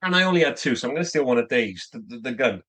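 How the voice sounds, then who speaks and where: A man's voice: mid-range voice, expressive, rapid-fire, fairly bright tone. A man co-hosting a casual film podcast, teasing and laughing easily. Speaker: podcast co-host.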